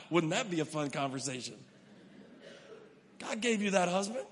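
Bright-voiced male pastor preaching. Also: sits high, lively intonation, a little slow. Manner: emphatic, swings from loud to hushed. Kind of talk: sermon. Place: church hall. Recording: long hall reverb.

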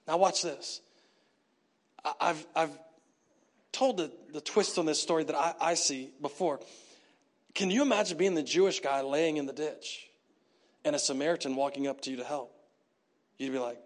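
A man preaching a sermon as pastor, telling the story in an animated way and acting out the characters. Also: on the high side, moderate pace.

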